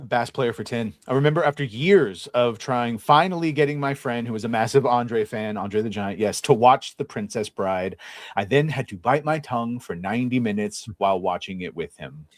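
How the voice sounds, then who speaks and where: A man's voice: mid-range voice, expressive, normal speed, no echo. A man on a film-talk panel who reads out viewer comments in a joking, playful way. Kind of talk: casual panel chat.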